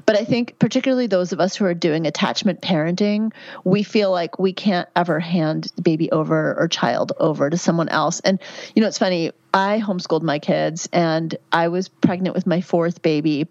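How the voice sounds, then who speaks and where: Midwife guest in her fifties: frank, chatty woman, low voice, muffled dry mic. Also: normal speed, dry recording. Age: 50s. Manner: warm, chatty, candid. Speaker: guest, midwife and health author. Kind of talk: conversational interview answers.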